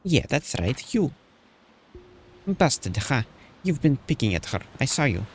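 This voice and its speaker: A man's voice: medium pitch, big pitch swings, measured pace, faint music behind, voice pushed up. A man voicing a haughty, boastful young female student rival, reading game dialogue aloud with a proud, bossy delivery. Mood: accusing.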